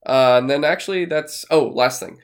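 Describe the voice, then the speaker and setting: A man's voice: medium pitch, normal speed. A man co-hosting a casual podcast, rambling with fillers and restarts, swearing now and then. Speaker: podcast co-host. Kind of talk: casual chat.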